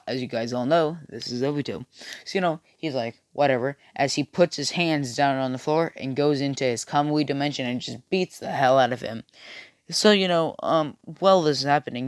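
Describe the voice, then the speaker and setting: A man's voice: mid-range voice, normal speed, clean tone, no echo, clean studio sound. A young man casually telling a made-up fan story, with many fillers and restarts. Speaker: video creator. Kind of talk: rambling fan-fiction storytelling.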